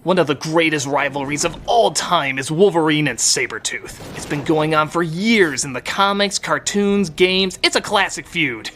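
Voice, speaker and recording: A middle-aged man hosting a comedic movie review, sarcastic and animated. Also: on the high side, moderate pace, few pauses, a little hiss or hum. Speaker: host, film critic.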